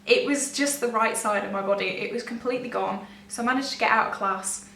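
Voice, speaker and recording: A woman's voice: on the high side, fast talker, gravelly, sharp tone. A young woman, telling a personal story to camera in a rambling, self-interrupting way with nervous laughs. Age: young adult. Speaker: vlogger. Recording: echoey room, distant mic, faint hum.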